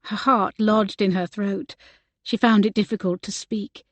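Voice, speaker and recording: Slow, gentle woman narrator. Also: medium pitch, steady tone, no room sound. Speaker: audiobook narrator. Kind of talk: scripted narration.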